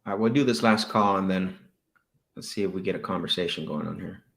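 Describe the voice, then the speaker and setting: A man's voice: sits low, fairly quick, creaky, a bit bright. A man hosting a live stream as a sales coach, casually musing aloud and chuckling between phone calls to property sellers. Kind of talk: casual live-stream chat while cold calling.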